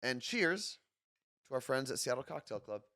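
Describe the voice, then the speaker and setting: A man's voice: mid-range voice, sing-song, moderate pace, sharp tone, dry recording, studio quality. Joking man co-hosting a morning stream. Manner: joking, self-mocking. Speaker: podcast co-host. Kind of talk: casual morning show chat.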